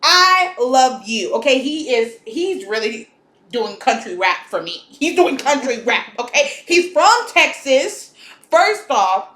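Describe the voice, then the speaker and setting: An American woman co-hosting a podcast, chatting casually in a playful, animated way. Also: a little high, measured pace, reverberant. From United States. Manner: animated, playful, bursts into song. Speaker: podcast co-host. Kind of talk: casual chat.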